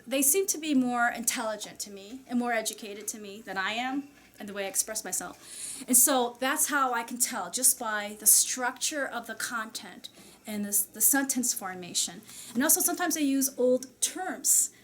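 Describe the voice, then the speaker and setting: A woman's voice: a little high, expressive, moderate pace, slight background noise. A woman channeler speaking to an audience in a casual, chatty way, full of fillers and small laughs. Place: society meeting room.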